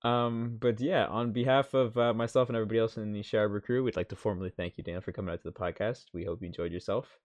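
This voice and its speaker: A man's voice: lowish voice, steady tone, fast, hardly any pauses. A man hosting a casual podcast and wrapping up the episode, rambling and repeating words as he talks. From Canada. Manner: rambling, repeats words while closing the show. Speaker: podcast host.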